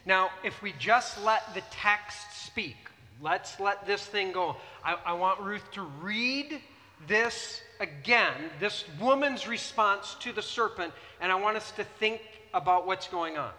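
A man preaching a sermon in an animated, conversational way, often asking the audience questions. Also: sits high, slow. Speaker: pastor. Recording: reverberant hall.

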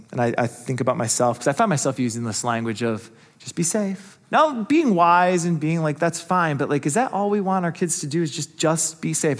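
A man preaching a sermon to his congregation, earnest and conversational, asking rhetorical questions. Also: mid-range voice. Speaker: pastor.

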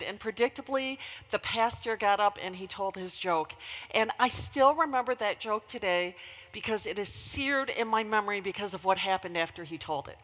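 A woman preaching a sermon and telling a childhood story in an animated way, heard in a long-reverb hall. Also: fairly high pitch.

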